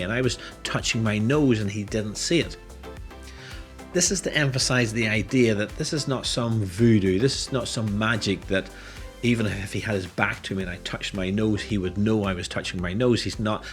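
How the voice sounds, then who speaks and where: A man's voice: on the low side, a bit bright. A middle-aged man, a hypnotist, talking through a tutorial in a casual, explanatory way. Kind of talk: tutorial commentary.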